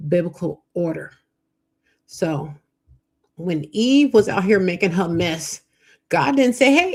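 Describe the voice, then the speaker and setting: A middle-aged woman hosting a live faith-based talk on marriage, preachy and animated, acting out quoted voices. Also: lowish voice, husky. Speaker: show host.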